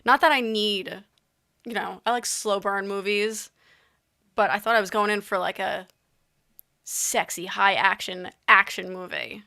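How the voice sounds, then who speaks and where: A woman's voice: medium pitch, fairly even intonation, measured pace, gravelly, sharp tone. A young woman vlogging in a casual, rambling chat, often restarting her sentences. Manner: chatty, rambling, with frequent restarts and asides.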